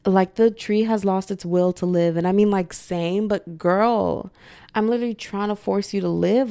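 A young woman hosting a solo podcast, chatting casually in an animated, slangy way. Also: medium pitch, moderate pace, creaky, no room sound. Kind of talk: casual chat.

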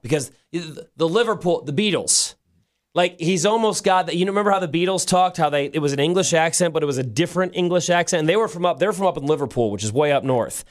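Excitable guy co-hosting, chatty, a bit higher voice, keeps restarting. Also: quick pace. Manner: excitable, animated, restarts often. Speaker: radio show co-host. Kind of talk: casual chat.

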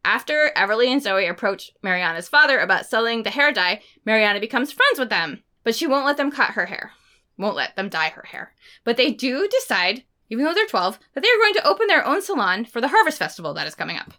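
A woman co-hosting a book podcast, chatting casually and talking about books in an excited, expressive way. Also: on the high side, a little fast. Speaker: podcast co-host.

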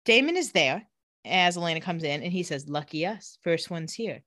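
At normal speed, a woman on a podcast casually recaps a TV episode, animatedly acting out the characters in low voices. The studio-quality recording has no room sound.

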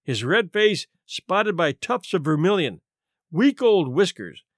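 A man reads a classic story aloud with lively, swooping theatrical delivery. His voice sits fairly high and the sound is dry and close, with no room around it. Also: slow pace, no echo. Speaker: narrator. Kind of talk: scripted narration.

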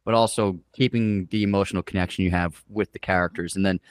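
Low-voiced man hosting a movie podcast. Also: steady tone, fast, smooth, dry recording, studio quality. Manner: enthusiastic, loose, with filler words. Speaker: podcast host. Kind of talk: casual movie review chat.

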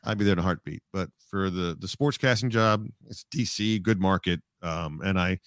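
A man's voice: deep voice, moderate pace, no room sound, clean studio sound. A middle-aged man, a sportscaster, telling stories in a casual interview, rambling and reflective with many restarts. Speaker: sportscaster guest.

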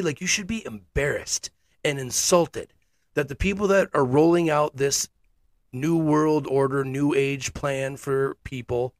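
A man's voice: fairly high pitch, dry recording. Fired-up male podcast host, dry close mic. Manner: blunt, fiery, sarcastic. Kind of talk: opinionated commentary.

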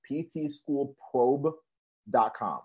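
A man's voice: mid-range voice, slow, a little mellow, slightly rough. A man co-hosting a podcast and coaching students, talking casually and energetically, often repeating himself and laughing. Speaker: podcast co-host, physical therapist coach. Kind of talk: casual podcast talk to listeners. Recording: muffled lo-fi sound.

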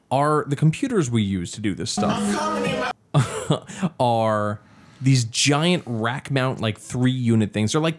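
A tired man co-hosting a casual podcast chat, swearing freely as he tells a story. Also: mid-range voice. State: tired, yawning. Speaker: podcast co-host.

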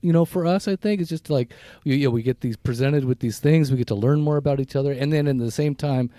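Mellow-voiced man in his fifties rambling. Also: medium pitch, no room sound. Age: 50s. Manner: rambling, reflective, halting restarts. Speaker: podcast co-host. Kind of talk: casual chat.

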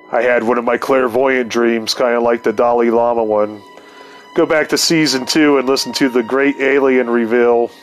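Easygoing male podcast storyteller, mid-range voice, chuckly and profane. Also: medium pitch. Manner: laid-back, profane, chuckling. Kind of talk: casual storytelling.

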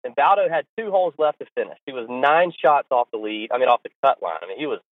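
A man's voice: medium pitch, animated, fast talker, no room sound. A man hosting a podcast, chatting casually and restarting his sentences. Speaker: podcast host. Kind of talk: casual chat. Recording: phone-like line, dry.

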